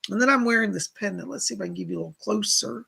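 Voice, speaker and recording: A man's voice: high voice, very fast, creaky, pushed and bright, breathy edge, poor audio. A middle-aged man hosting a live psychic stream, who talks in a gushing, chatty way full of exclamations. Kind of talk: casual live-stream chat.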